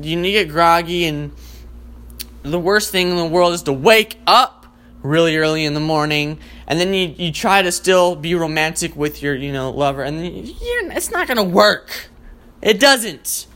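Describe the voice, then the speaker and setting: A man doing a rambling, profanity-filled comic rant in a casual, animated way. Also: high-pitched. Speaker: comedian.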